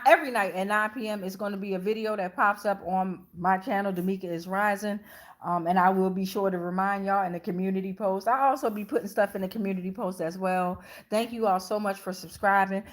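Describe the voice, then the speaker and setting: Swearing, slangy woman tarot reader. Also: a little high. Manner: blunt, swears freely, slangy and animated. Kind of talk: casual livestream chat, reading comments aloud; closing protection prayer, recited.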